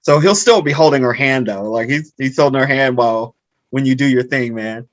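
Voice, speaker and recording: Earnest, pleading role-play player, middle pitch, dry close sound, tabletop game. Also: fairly quick, no echo, lo-fi sound.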